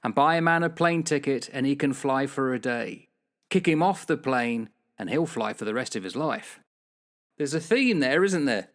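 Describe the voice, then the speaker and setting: A man's voice: mid-range voice, expressive, normal speed. A man co-hosting a casual political chat podcast, cracking dry one-liners and posing rhetorical questions. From United Kingdom. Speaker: podcast co-host.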